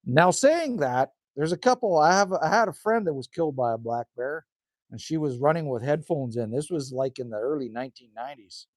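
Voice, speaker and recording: A man's voice: on the high side, expressive, a little fast, dry recording, studio quality. A man chatting casually on a live stream outdoors, reading out viewer comments and answering them in a laid-back, rambling way. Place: outdoors by a cabin in the cold.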